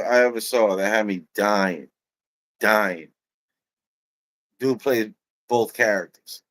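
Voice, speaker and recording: A man's voice: on the low side, no echo. A man hosting a casual podcast, telling stories in a loose, profane, laughing way. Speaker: podcast host.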